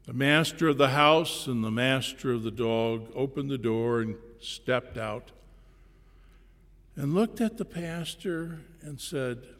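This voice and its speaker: A male pastor tells a parable from the pulpit, slow and deliberate, with pauses between phrases. His voice is gravelly in the lows. A long reverb from a large church hall follows him. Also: expressive, a bit bright. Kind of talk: sermon storytelling.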